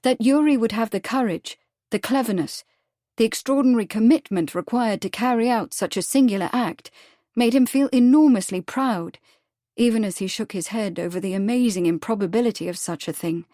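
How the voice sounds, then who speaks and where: Woman reading an audiobook, steady and measured, dry close sound. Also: fairly high pitch, no room sound. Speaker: audiobook narrator. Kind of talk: scripted narration.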